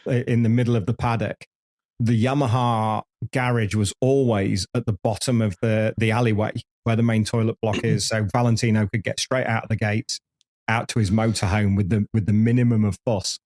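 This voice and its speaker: A man's voice: fairly low pitch, little pitch movement, normal speed, darkish tone. A man in his fifties, a podcast host telling rambling stories with lots of restarts in a candid interview. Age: 50s. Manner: rambling anecdotal storyteller with frequent restarts.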